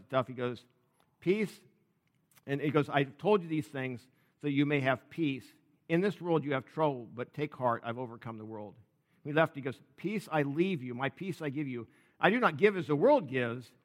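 A man's voice: medium pitch, fairly bright tone. Man preaching in a reverberant hall. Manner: conversational, jokey preaching with restarts. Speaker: pastor. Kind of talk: sermon.

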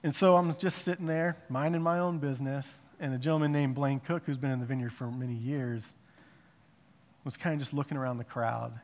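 A man giving a personal testimony in a conversational way, rising to emphatic bursts and dropping to hushed reflection. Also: medium pitch, fairly even intonation, brisk. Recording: long reverb of a large hall.

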